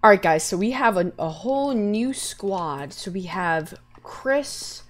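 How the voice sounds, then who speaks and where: A woman hosting a let's-play video, talking excitedly and yelping when scared, into a close gaming mic. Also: medium pitch. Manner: excitable, jumps from scared yelps to quick chatter.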